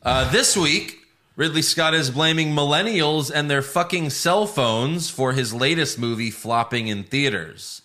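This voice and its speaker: A man's voice: on the high side, measured pace, pushed and bright. A man co-hosting a podcast, chatting casually and joking as he runs through news items. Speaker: podcast co-host. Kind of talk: casual chat.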